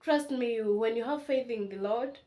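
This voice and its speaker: Unboxing items for her home vlog, a Kenyan woman in her twenties talks in a casual, emotional way. Her fairly high voice has a warm tone and a normal speed.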